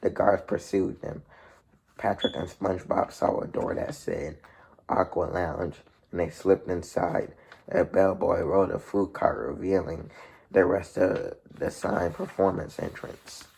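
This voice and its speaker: A man reading a novel aloud as narrator in a gravelly, husky voice, with plain delivery, slips and restarts. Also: sits low, unhurried, darkish tone, a little hiss or hum.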